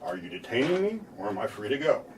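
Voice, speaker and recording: Plain-spoken American lawyer explaining rights. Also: male voice, mid-range voice, very animated, fast talker, a little mellow, distant mic, slight background noise, rough recording. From United States. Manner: plain-spoken, acts out police lines with a laugh. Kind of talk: explaining legal rights to viewers.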